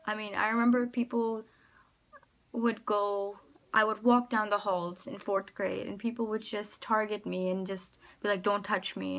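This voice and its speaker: A woman with an American accent, telling personal stories to camera in a casual vlog, rambling and hesitant with many pauses and restarts. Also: medium pitch, gravelly, a bit bright. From United States. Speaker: vlogger.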